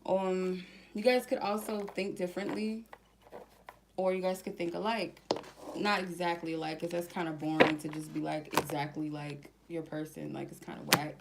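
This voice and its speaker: A woman giving a casual tarot reading to her viewers, chatty and slangy, slowly reading out card keywords one by one. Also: on the low side, flat delivery, vocal fry, very noisy. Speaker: tarot reader.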